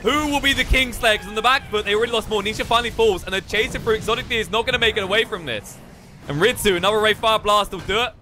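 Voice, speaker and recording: A man with a British accent doing excitable play-by-play commentary on an esports match. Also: racing, slight background noise. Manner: excitable, climbs high during fights. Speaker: esports caster.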